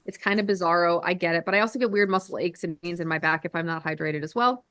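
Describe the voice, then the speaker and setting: A woman's voice: fairly low pitch, fast, fairly bright tone, dry recording. A woman hosting a telehealth livestream, chatting casually and joking at her own expense, with the odd swear.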